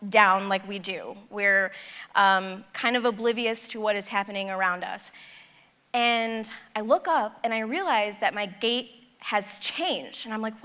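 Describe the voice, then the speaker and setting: Bright-voiced woman telling a story in a hall. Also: medium pitch. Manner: animated, acts out dialogue in her stories. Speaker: conference speaker. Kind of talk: personal storytelling talk. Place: large conference hall. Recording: long hall reverb.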